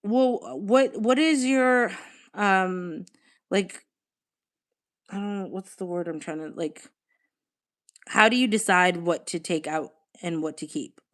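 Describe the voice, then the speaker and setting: A woman's voice: medium pitch, takes it slowly, pauses often. A young woman, chatting casually with viewers on a live stream, laughing often and swearing now and then. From Australia.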